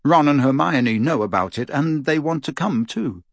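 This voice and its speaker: A man's voice: on the high side, normal speed, no room sound, voice pushed up. A man doing a stubborn, guarded teenage boy. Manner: flat, quiet and firm.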